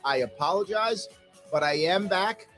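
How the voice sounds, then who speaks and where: A man with a nasal, congested voice hosts a live radio talk show. His pitch swings widely as he argues, throwing rhetorical questions and sarcastic asides. He talks into a studio microphone. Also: expressive, a little slow, over music. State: stuffy nasal voice from allergies.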